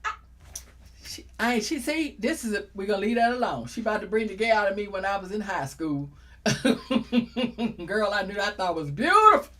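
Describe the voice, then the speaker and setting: A woman's voice: medium pitch, lively intonation, moderate pace, a bit bright. A middle-aged woman hosting a casual talk show, exuberant and joking, speaking. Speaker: host.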